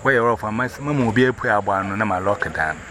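A man's voice: on the low side, expressive, fast talker. A man telling a rambling story, repeating words as he goes. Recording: noisy recording.

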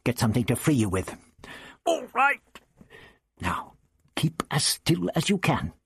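A male narrator voicing a sharp-tongued elderly doctor who gives curt orders. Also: a little high, huge pitch swings, unhurried, vocal fry, husky, no room sound, clean studio sound, exaggerated voice. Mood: commanding. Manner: curt and snappish.

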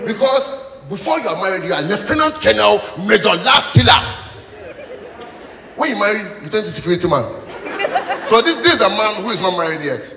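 A man doing live stand-up comedy on stage, loud and playful as he tells stories. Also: sits high, brisk, long pauses. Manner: loud, animated, playful storytelling. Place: stage in a hall with audience. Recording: echoey hall with loud crowd noise.

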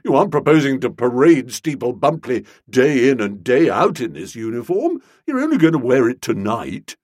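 A brash, talkative young man, as a male reader puts him on, hearty and emphatic with a wildly lively lilt, in the manner of a storybook reading. The voice is somewhat husky and the recording dry and close. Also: medium pitch, moderate pace, no room sound. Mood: exuberant.

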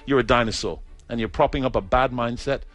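A man delivering an earnest, forceful opinion piece as a commentator. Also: medium pitch, brisk. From Britain. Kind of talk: opinion monologue.

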